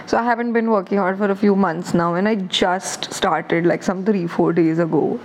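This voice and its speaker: In a casual solo episode of her podcast, a woman rambles candidly and reflects on herself. Her medium-pitched voice is steady and darkish at a moderate pace, captured in a low-quality recording with some hiss or hum.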